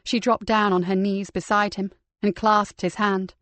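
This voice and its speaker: A woman narrating a crime novel audiobook in a steady, measured reading. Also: mid-range voice, dry recording. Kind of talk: scripted crime fiction narration.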